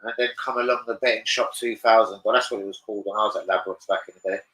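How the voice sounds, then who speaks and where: Man, bright tense voice, casual vlog chat, sweary, rambling, excitable. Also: fairly low pitch, very fast, husky, poor audio. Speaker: football betting vlogger.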